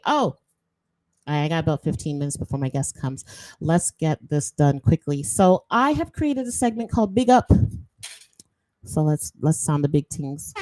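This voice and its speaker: A chatty woman host, talking casually and slipping into patois between laughs. Her voice sits low and mellow. The recording is dry and close. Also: no room sound. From Jamaican roots. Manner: chatty, animated, laughs often, slips into patois. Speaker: podcast host. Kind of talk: casual chat.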